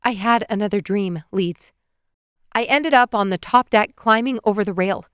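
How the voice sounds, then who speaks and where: A woman's voice: medium pitch, moderate pace, a bit bright, smooth, no echo, clean studio sound, natural voice. A woman voicing a secretive woman herbalist who snaps when cornered and then apologizes, in an audiobook. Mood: earnest.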